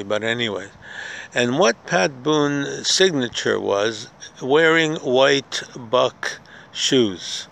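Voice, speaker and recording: A man's voice: medium pitch, creaky, pushed and bright, low-quality recording. An older man hosting a podcast outdoors in a park, telling a motivational story in an earnest, repetitive way that builds to emphatic rhetorical questions. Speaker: podcast host. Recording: faint outdoor background noise.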